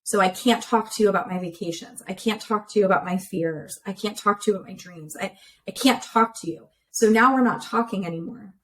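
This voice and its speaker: A woman therapist talks in a relaxed, explanatory way, working through ideas step by step on a remote call. She sits at a middle pitch and leans on everyday examples as she makes her points. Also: brisk, slight background noise, low-quality recording. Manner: clear, explanatory, with many examples. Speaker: relationship therapist guest. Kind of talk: conversational interview explanation.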